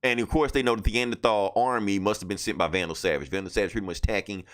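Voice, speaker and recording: A man's voice: fairly low pitch, racing. A man hosting a podcast, recapping comic books in a loose, profane, casual way. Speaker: podcast host.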